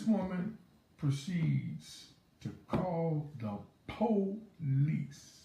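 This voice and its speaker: A man's voice: medium pitch, normal speed, dark tone, echoey room, poor audio. A man, a pastor hosting his morning show, telling a story animatedly and acting out the quotes. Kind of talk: storytelling devotional talk.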